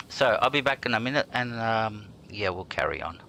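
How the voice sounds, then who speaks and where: Bright-voiced man rambling over gameplay. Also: fairly low pitch, animated, moderate pace, creaky, hardly any pauses, slight background noise. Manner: rambling, swears freely, chuckles at himself. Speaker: gaming streamer. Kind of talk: casual gameplay commentary.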